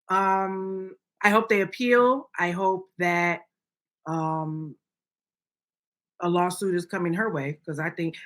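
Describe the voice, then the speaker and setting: A woman co-hosts a talk podcast in a bright, forward voice. She argues her opinions emphatically and keeps tagging sentences with "okay?" to pull the listener along. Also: on the low side. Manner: emphatic, frequent "okay?" check-ins. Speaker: podcast co-host. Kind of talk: opinionated casual chat.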